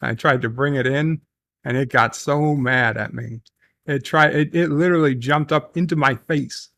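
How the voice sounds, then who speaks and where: A man's voice: medium pitch, moderate pace, fairly bright tone, slight background noise. A man hosting a casual livestream, rambling and reading chat messages aloud with filler ums. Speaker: livestream host.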